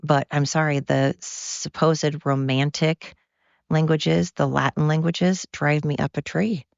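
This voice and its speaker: A tired American podcast host rambles through a casual monologue, cursing freely and drifting from tangent to tangent. The voice has a gravelly texture. The recording is dry and dull, with a muffled lo-fi sound. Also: medium pitch, fairly even intonation, unhurried, dry recording. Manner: rambling, profane, goes off on tangents. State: tired from overwork.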